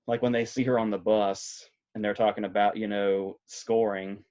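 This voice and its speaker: A man co-hosting a podcast in casual chat, laughing often and talking in an animated, rambling way. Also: lowish voice, normal speed, lo-fi sound. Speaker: podcast co-host. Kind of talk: casual chat about films.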